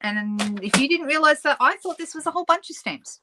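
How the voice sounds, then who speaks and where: A woman's voice: sits high, animated, brisk, background noise. An Australian woman hosting a live papercraft demonstration, chatting casually with viewers, answering their comments and laughing often. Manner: laughs often and apologizes playfully.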